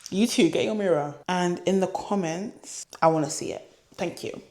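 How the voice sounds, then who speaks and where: A young woman talks to her camera at home in a candid, reflective way, open and emotional and full of fillers. Her voice sits a little low for a woman. The room around her is echoey. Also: normal speed, a little mellow. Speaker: vlogger. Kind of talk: casual reflective chat to camera.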